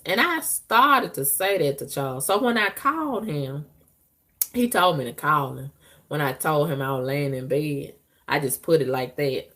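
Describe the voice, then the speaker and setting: A woman talking frankly to her viewers in a casual, profane monologue, breaking into loud squealing outbursts. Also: sits low. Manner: frank, profane, conversational drawl.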